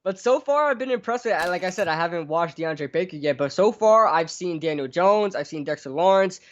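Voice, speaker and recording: Fairly high-voiced man on lo-fi audio. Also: animated, fairly quick, a bit bright. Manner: rambling, many restarts and fillers. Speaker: podcast co-host. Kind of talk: casual sports podcast chat. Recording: dull lo-fi stream audio.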